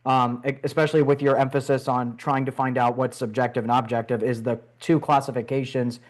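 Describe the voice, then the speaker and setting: A man's voice: mid-range voice, little pitch movement, brisk. A man hosting a podcast, asking loosely phrased, rambling questions in a casual way. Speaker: podcast host.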